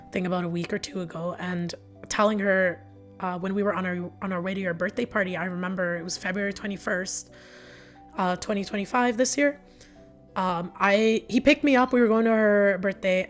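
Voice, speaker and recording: A young woman, a podcast guest, telling a personal story with lots of fillers and quoted back-and-forth, emotional and animated. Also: fairly low pitch. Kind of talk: candid storytelling.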